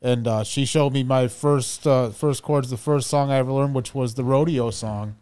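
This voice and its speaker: A man's voice: mid-range voice, normal speed, no room sound. Easygoing male guest guitarist. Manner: relaxed, easygoing, with light swearing. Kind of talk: casual interview chat.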